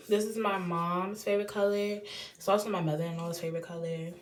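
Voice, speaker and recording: A young woman from Washington, D.C., with a D.C. accent, chatting in a casual unboxing vlog in her home bathroom. She talks in lively slang, with big swings in pitch and loudness. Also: a little fast. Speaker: beauty vlogger.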